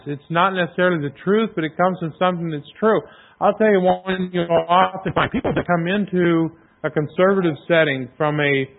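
A man preaching a sermon in a conversational, self-deprecating way, often clearing his throat. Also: fairly high pitch. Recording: tinny phone-like sound.

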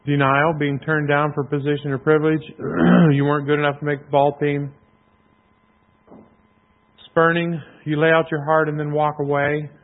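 A man preaching a sermon in a conversational, self-deprecating way, often clearing his throat. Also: a little high, level tone, normal speed. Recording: tinny phone-like sound.

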